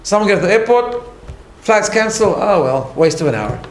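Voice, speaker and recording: Very animated and high-pitched, this man teaches an informal study hall class as a rabbi at a moderate pace. He's emphatic and chatty, often restarting and checking in with "right?", in an echoey room with a faint hum in the background.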